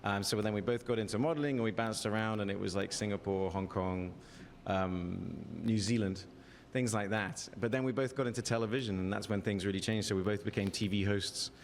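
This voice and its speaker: Joking Englishman on a reverberant stage. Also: lowish voice. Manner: joking, self-deprecating, quick-talking. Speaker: guest. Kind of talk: casual on-stage interview. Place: outdoor backyard bar stage. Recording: long reverb, faint noise.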